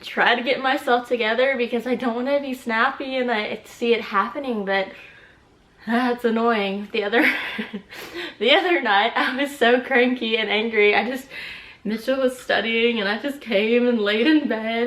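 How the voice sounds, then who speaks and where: A woman's voice: fairly high pitch, normal speed, a bit bright. A woman in her twenties chatting casually and giggling in a pregnancy update vlog, a little out of breath. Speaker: vlogger. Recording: echoey room.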